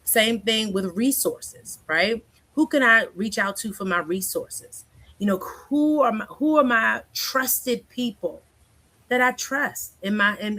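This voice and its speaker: Her voice sits in the mid range with a fairly bright tone. She's a forties-aged counselor and guest in a relaxed interview, talkative, frequently adding "right?" and acting out what people said.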